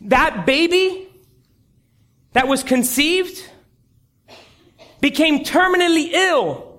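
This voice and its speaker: High-voiced, animated male preacher. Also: slow. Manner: animated storytelling, acting out quotes. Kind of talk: sermon.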